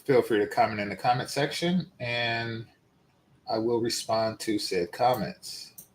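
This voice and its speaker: A man's voice: mid-range voice, measured pace, slight background noise. A man in his forties hosting casual, opinionated commentary and speaking directly to his viewers. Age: 40s. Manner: conversational, opinionated, addressing viewers. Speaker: host.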